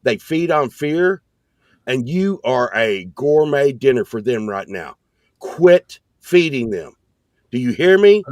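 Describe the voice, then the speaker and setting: A man's voice: medium pitch, expressive, dry recording, close to an everyday voice. A man putting on a no-nonsense older security-guard lady as he retells a story, his voice close to his own. She lectures firmly and stretches out her warnings, and the sound is dry and close. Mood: scolding. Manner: firm, scolding, drawn-out warnings.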